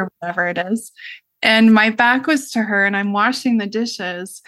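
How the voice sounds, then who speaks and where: A woman's voice: mid-range voice, moderate pace, fairly bright tone. Middle-aged woman, interview guest, earnest reflective storyteller, mid-range voice, casual fillers. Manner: earnest, reflective, with frequent "you know" and "like".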